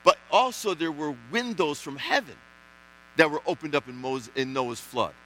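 A man delivers a fervent sermon in a high, ringing voice. He hammers phrases again and again and drops from loud exclamations to near-hushed lines, with a bright, forceful edge throughout. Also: animated, normal speed, slight background noise, rough recording. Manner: impassioned, emphatic preaching with repeated phrases. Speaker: guest preacher.

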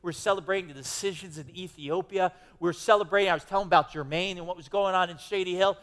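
A man's voice: high voice, quick pace, a bit bright. A male pastor preaching a sermon in a church, in an emphatic, conversational way with many restarts. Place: church sanctuary. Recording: long hall reverb.

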